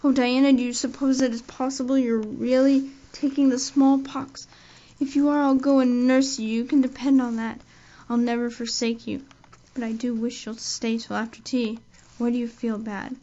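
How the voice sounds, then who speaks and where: A woman's voice: on the high side, level tone, moderate pace, mellow, natural voice. Anne, a woman doing a dramatic chatty girl. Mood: pleading. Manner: breathless, dramatic storytelling. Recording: dull lo-fi audio.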